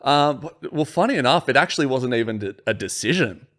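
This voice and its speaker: A man's voice: medium pitch, expressive, a little fast, a bit bright. A man with an Australian accent, a podcast guest who talks in a rambling way with many fillers and restarts. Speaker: guest artist. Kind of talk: casual podcast chat.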